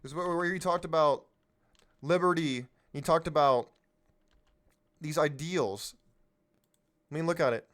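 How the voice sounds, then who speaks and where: A man's voice: on the high side, unhurried, pauses often, fairly bright tone. A man hosting a political show, talking off the cuff in an emphatic way, firing rhetorical questions at listeners and sometimes losing his train of thought. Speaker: political podcast host. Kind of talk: unscripted political monologue.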